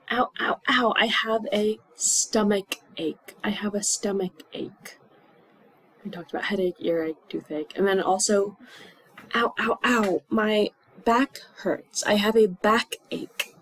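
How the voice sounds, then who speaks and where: A woman teaching English to learners, repeating words slowly and acting out aches and symptoms with little groans. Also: fairly low pitch, husky, no echo, low-quality recording. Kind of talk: slow classroom explanation.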